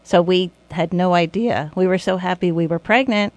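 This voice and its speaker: A woman in a radio studio, the host's wife, speaking softly in casual chat about her family. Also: lowish voice, normal speed, no room sound.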